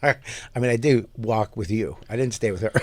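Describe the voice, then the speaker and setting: A man's voice: mid-range voice, a little slow, a little hiss or hum. A middle-aged man co-hosting a podcast, telling stories in casual chat, swearing often and acting out quoted lines. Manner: animated storyteller, swears a lot, acts out quotes. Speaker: podcast co-host.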